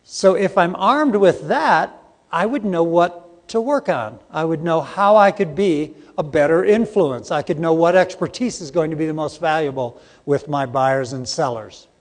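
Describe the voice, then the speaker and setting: A man's voice: a little high, a little slow. A middle-aged man giving a live training seminar, joking and quizzing the audience, recorded in a conference hall. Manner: jokey, interactive with the audience. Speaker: seminar presenter. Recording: long hall reverb.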